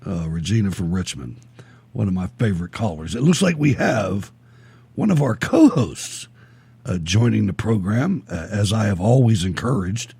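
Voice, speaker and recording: A middle-aged man hosting a call-in talk radio show, blunt and animated, often laughing. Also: on the low side, moderate pace, vocal fry, slightly rough, no room sound.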